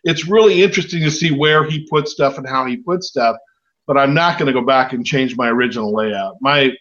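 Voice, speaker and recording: A man's voice: medium pitch, a little fast, a bit bright. A man in his sixties chatting casually as a podcast host, rambling and self-mocking. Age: 60s. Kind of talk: casual chat. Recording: dull lo-fi sound.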